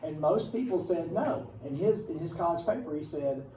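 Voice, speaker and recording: A man teaching history to a class, talking loosely and breaking off into wry, joking asides. His voice is a touch higher than most men's, with a mellow, dark tone. It is picked up from across an echoey classroom with a faint hum of room noise. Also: lively intonation, normal speed, few pauses, recorded from a distance. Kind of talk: casual classroom lecture. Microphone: far camera.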